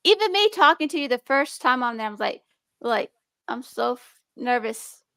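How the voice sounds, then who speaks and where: Very animated, this young woman's high-leaning voice comes out pushed and bright with vocal fry, at normal speed, on a clean, dry recording. Chatting casually on stream, she rambles and restarts, speaks with a speech impediment, and discusses feeling nervous and defensive.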